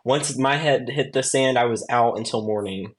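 A young man chatting as a podcast guest, rambling excitably with lots of restarts and false starts. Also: medium pitch, moderate pace. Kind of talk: casual chat.

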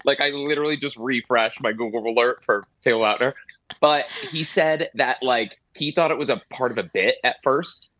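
A man who is a comedian, a guest on a podcast, telling pop culture stories in a quick, excited, self-mocking way. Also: medium pitch, no room sound, lo-fi sound. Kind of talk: casual chat.

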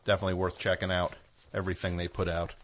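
A man's voice: low-pitched, completely flat delivery, very fast, fairly bright tone. A man hosting a radio show, rambling and joking in a digressive way as he chats and plugs music. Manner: digressive, chatty, plugs music between jokes. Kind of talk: rambling comedic radio talk.

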